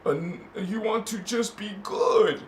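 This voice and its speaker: Man shouting about spiritual war. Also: high voice, takes it slowly. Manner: rambling, swings from hushed musing to shouting. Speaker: spiritual channel host. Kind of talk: impassioned spiritual talk. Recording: echoey room with faint noise.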